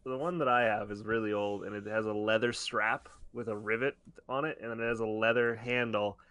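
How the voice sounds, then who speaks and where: A man's voice: fairly low pitch, fairly even intonation, a little fast, a bit bright, clear, resonant tone, no room sound. A man co-hosting a podcast, casually recapping a cartoon episode in a rambling, explaining way. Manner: rambling, restarts, detailed explainer. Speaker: podcast co-host.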